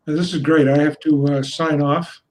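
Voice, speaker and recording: A man, a writer at a reading event, telling a relaxed family anecdote. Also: on the high side, moderate pace, rough recording.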